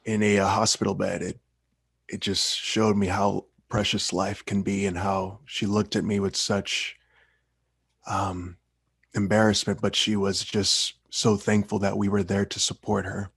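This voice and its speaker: Young male speaker, low gravelly voice, dry sound, heartfelt and earnest tribute speech. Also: little pitch movement, unhurried, a bit bright, no room sound. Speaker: Toastmasters speaker.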